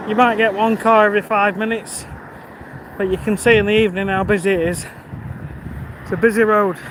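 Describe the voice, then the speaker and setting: A man, chatting on a live stream while walking outdoors and reading out viewer comments. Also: high-pitched. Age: 50s. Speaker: vlogger. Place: outdoors by a busy road in the evening. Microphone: phone held while walking. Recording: outdoor phone recording with traffic noise.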